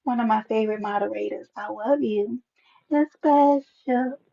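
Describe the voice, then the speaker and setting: A sassy woman chats to her viewers on a live stream, her voice gravelly with fry. She is animated and teasing and often pops up high for playful greetings. The sound is dull and lo-fi. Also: brisk.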